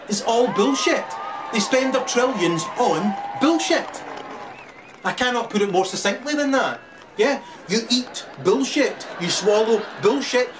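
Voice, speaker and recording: Sweary man ranting, high voice. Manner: profane, sweary, laughing, shouting at times. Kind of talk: ranting monologue. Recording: distant mic with crowd chatter and noise.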